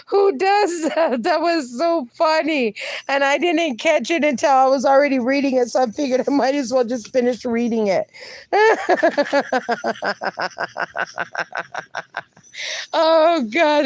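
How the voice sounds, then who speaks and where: Giggly woman reading out live chat. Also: on the high side. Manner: laughs often, reads chat messages aloud; talks sweetly to her dog. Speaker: livestream host. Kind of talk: casual livestream chat, reading comments.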